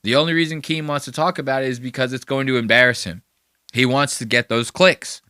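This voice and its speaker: Bright, dry-sounding profane podcast man. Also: mid-range voice, steady tone, brisk, no room sound. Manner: rambling and profane. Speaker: podcast host. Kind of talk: casual reaction commentary.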